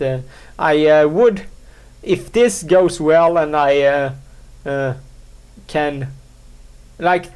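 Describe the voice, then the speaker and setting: A man hosting a solo podcast, talking in a rambling, halting way, full of fillers, restarts and self-mocking asides. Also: on the high side, a little mellow. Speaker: podcast host.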